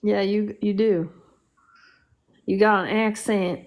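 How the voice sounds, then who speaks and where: Slow-talking woman co-streamer, teasing. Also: mid-range voice, fairly even intonation. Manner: teasing, laughs often. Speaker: livestream co-host. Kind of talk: casual live-stream chat.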